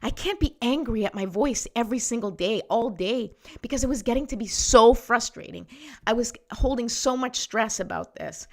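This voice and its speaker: A woman's voice: fairly high pitch, normal speed. A woman host giving a casual motivational talk to viewers, chatty and encouraging, often checking in with "right?", her voice sometimes thinning out. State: voice sometimes gives out.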